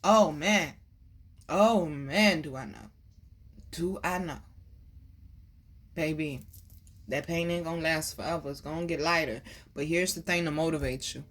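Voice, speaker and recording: A woman giving a casual tarot reading to her viewers, animated and preachy, calling them baby and boo and swearing freely. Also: sits low, measured pace, long pauses. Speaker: tarot reader.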